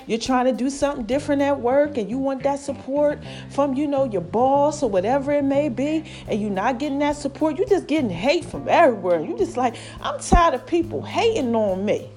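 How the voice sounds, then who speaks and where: A woman's voice: high voice, animated, fairly quick, few pauses, mellow, soft background music. A woman hosting her own podcast, talking to listeners in an affectionate, preachy way while slightly out of breath. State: slightly out of breath, swollen throat. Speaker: podcast host. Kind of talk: casual motivational monologue.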